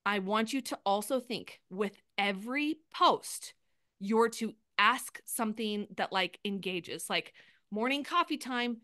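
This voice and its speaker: A woman coaching a group over a video call, upbeat and quick, often acting out sample posts in lively bursts. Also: mid-range voice, no room sound, studio quality. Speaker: sales coach.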